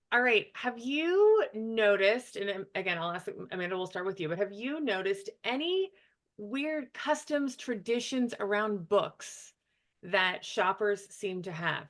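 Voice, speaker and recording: Woman host moderating a video panel. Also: medium pitch. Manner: friendly, asks questions with fillers. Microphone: video call.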